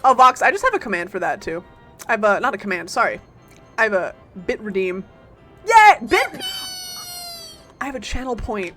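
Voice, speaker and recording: A woman streaming a game live, chatting casually and playfully with bursts of loud exclamations. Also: medium pitch, big pitch swings, fast, faint music behind.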